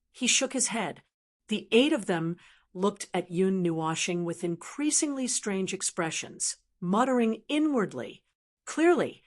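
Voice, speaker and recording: Woman narrating a fantasy audiobook. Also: medium pitch. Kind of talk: scripted narration.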